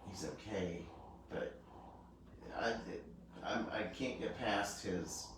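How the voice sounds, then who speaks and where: A man co-hosting a casual chat, relaxed and talkative, fond of corny jokes. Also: on the low side, takes it slowly, background noise. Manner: relaxed, chatty, tells dad jokes. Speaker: co-host. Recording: echoey room, far from mic, faint background ambience.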